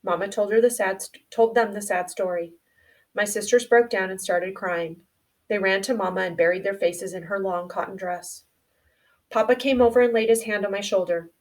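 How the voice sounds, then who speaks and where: A woman reading a novel aloud in a quiet, subdued storytelling manner. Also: medium pitch, fairly even intonation, normal speed, distant mic. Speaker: audiobook reader.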